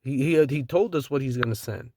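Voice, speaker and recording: A man's voice: medium pitch, brisk, background noise. A man preaching from scripture, reading verses aloud and then riffing on them in blunt, slangy street talk with the odd chuckle.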